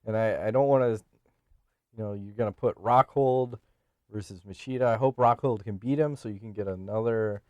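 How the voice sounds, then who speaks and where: A man's voice: on the low side, moderate pace, a little mellow, no room sound, lo-fi sound. A man co-hosting a podcast in casual chat, brash and profane, joking and laughing often. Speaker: podcast co-host.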